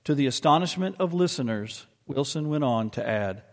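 A man preaching a sermon, telling a story and slowing down to press his points. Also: mid-range voice, lively intonation, in a large hall. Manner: storytelling, slows and presses for emphasis. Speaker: pastor.

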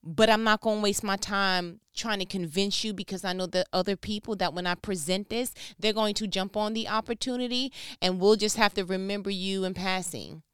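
An older woman talking at home in a casual faith-based monologue, animated and full of vivid analogies. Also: mid-range voice, moderate pace, few pauses, clear, resonant tone, dry recording, studio quality. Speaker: vlogger.

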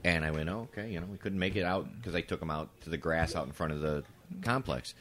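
A man co-hosting a podcast, telling stories in casual chat, swearing freely and breaking into shouted impressions. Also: low-pitched, fast, a little hiss or hum. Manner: animated, breaks into loud shouted impressions and laughs. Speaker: podcast co-host. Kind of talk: casual storytelling.

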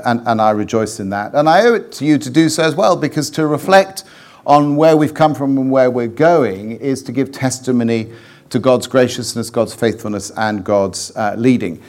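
A man giving a conference address as a leader of a mission organisation, often hesitating with fillers and restarts. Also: medium pitch.

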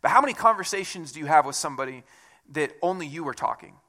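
A man preaching a conversational sermon as a church pastor, with self-deprecating asides and a relaxed, talky delivery. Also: on the high side, fast talker.

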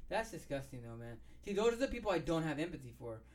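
A man's voice: on the high side, very animated, fast. A middle-aged man co-hosting a podcast who talks bluntly, swears freely and repeats his words. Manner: blunt, profane, repeats himself. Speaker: podcast co-host. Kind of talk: casual chat.

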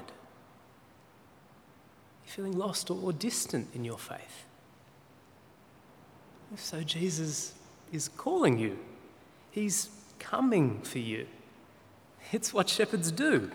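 An earnest man preaching a sermon, his voice sitting a touch high and swinging widely in pitch. He pauses often with small fillers as he explains a point. The sound carries a long reverb, as in a large hall. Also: slight background noise.

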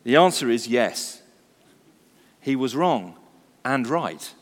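A man's voice: medium pitch, big pitch swings, takes it slowly, big-room sound. A male pastor giving a Christmas sermon, chatty and storytelling with touches of humour. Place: church service.

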